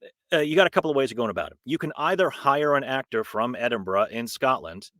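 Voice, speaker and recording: A man's voice: medium pitch, animated, fast, fairly bright tone, no echo. A man, a voice actor and director, giving a casual, chatty talk with asides from his home recording booth. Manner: casual, chatty, with asides and self-deprecating laughs. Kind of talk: informal conference talk.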